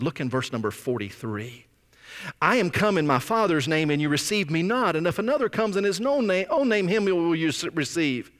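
Male pastor, sermon, dramatic loud-soft delivery, lively pitch, long church reverb. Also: normal speed. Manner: dramatic preaching with sudden rises and drops in volume. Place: church sanctuary.

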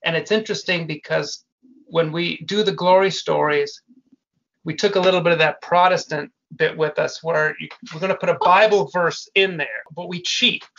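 A man's voice: a little high, steady tone, moderate pace, a bit bright. An older man speaking as a guest in casual conversation, an earnest storyteller who often restarts his sentences. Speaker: guest, family business founder. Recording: muffled lo-fi audio.

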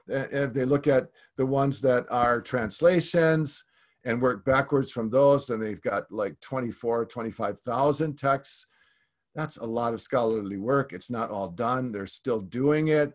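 Male preacher, mid-pitched voice, church teaching sermon, explanatory delivery full of fillers and restarts.

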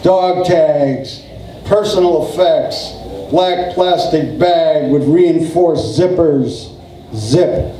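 A man in his sixties giving a slow, deliberate poetry reading at an event. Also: medium pitch, dark tone. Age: 60s. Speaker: poet. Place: event room. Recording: roomy, distant mic, faint ambience.

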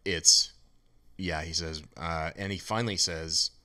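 Deep, bright-toned man with dry emphasis. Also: fairly even intonation, a little slow, clean tone. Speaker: podcast guest regular. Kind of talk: casual chat.

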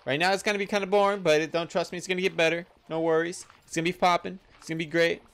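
A young man doing casual gameplay commentary, chatty and excitable, talking to the animals in the game. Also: fairly high pitch, rapid-fire, clean tone. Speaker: gaming YouTuber.

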